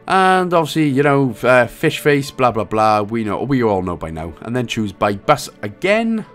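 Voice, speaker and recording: A man's voice: medium pitch, sing-song, normal speed, hardly any pauses, a bit bright, faint music behind. A man giving casual, jokey walkthrough commentary on a game, now and then reading out lines in put-on voices. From Wales. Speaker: game guide creator.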